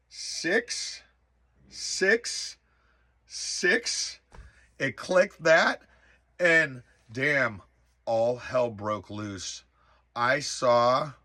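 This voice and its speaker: A man telling a personal story in a casual, animated way, exclaiming often and filling pauses with "uh" and "um". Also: mid-range voice. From rural area. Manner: animated, exclaims in bursts, many fillers. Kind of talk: casual spoken recollection.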